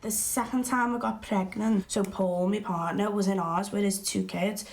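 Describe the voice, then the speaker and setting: A woman's voice: mid-range voice, fairly even intonation, moderate pace, slight background noise, natural voice. An actress playing a blunt, strong-willed young woman who tells her story in chatty, colloquial speech for a verbatim theatre film. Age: young adult. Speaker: interviewee recalling her past.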